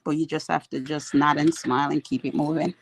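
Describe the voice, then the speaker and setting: A woman's voice: low voice, fairly even intonation, fairly quick, a little hiss or hum. A woman in her thirties, a mother, retelling an everyday story in a plain, matter-of-fact way with simple, grammar. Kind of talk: casual storytelling.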